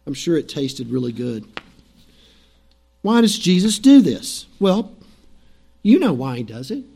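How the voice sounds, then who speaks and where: A man's voice: fairly high pitch, big pitch swings, measured pace, gravelly, dark tone, husky. A middle-aged male pastor preaching a sermon in a conversational, storytelling way, acting out the lines of biblical figures.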